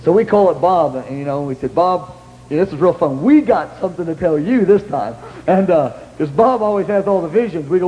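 In a storytelling sermon, a man with a fairly high, mellow voice rambles through anecdotes, restarting often and acting out what other people said. The recording is rough and has a big-room sound.

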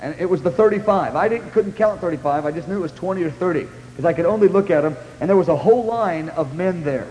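A man with a high voice tells his story to a congregation in earnest, halting bursts. He stops and restarts his sentences and breaks into shouts at the peaks. The sound rings through a reverberant hall over a faint hum. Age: young adult. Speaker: preacher. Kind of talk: sermon testimony.

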